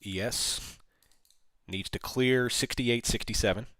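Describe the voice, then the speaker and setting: A man's voice: mid-range voice, slow pace, fairly bright tone, dry recording. A man hosting a live day-trading stream, calling price levels and answering chat questions in a chatty way. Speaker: livestream day-trading host. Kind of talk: live market commentary. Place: small studio.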